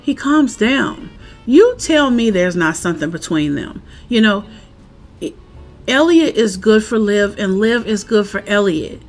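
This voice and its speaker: A woman, a parent, chatting casually outdoors in the wind as she recaps a TV episode and acts out the characters' lines with animated energy. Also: medium pitch, measured pace, soft background music. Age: adult parent. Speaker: show recap vlogger. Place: outdoors, windy.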